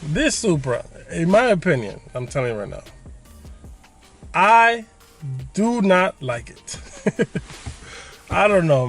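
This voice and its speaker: A man's voice: high voice, fairly bright tone. A man hosting his car channel, giving opinions in a joking, casual way with frequent laughs.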